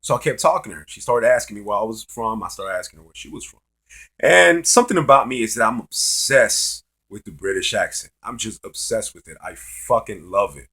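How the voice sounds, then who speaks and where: Husky, forceful man telling a dating story. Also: lowish voice, expressive, fairly quick. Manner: profane, loose, repetitive. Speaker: dating advice vlogger. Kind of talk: casual storytelling monologue.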